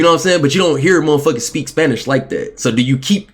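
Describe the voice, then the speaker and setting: A man's voice: on the high side, quick pace. A man in casual podcast chat, rambling and searching for his words as he asks questions. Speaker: podcast host.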